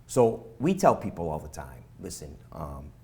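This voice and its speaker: A man's voice: very deep voice, sing-song, moderate pace, mellow. A middle-aged police officer, giving earnest advice on a local talk show and often repeating words as he goes. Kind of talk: casual talk show conversation.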